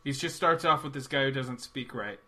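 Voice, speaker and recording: A man co-hosting a casual movie review chat, animated and rambling, quick to joke. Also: mid-range voice. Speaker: podcast co-host.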